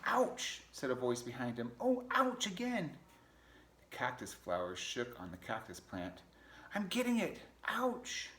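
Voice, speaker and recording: Man putting on a whiny, excitable pack rat. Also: medium pitch, a little slow, voice pushed up. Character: messy fussy male pack rat neighbor. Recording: echoey room.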